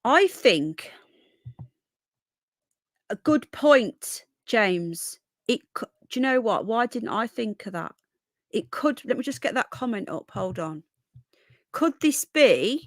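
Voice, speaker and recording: A woman's voice: a little high, very animated, takes it slowly, long pauses, no echo, studio quality. A woman hosting a casual live stream, thinking aloud and greeting viewers by name.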